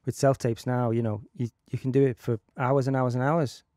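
A man's voice: medium pitch, little pitch movement, fairly quick, dark tone, no echo, clean studio sound. A man hosting a podcast, chatting casually with many fillers. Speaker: podcast host. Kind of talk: casual interview chat.

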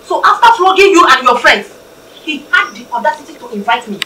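A woman's voice: high-pitched, sing-song, fairly quick, pushed and bright, slight background noise, full character voice. An indignant Nigerian mother. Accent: Nigerian English. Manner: indignant, scolding. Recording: echoey room, mic far off.

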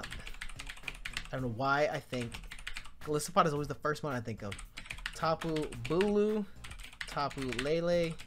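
A woman's voice: low voice, noisy background. A woman YouTuber thinking aloud through a timed quiz, muttering answers with long strings of ums and breaking into frustrated swearing. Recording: background music under the voice.

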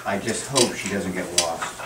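At a moderate pace, a veterinarian with a fairly low voice walks children through a hands-on demonstration, offering patient, encouraging instructions. He is distant from the camera in an echoey space with noticeable background noise.

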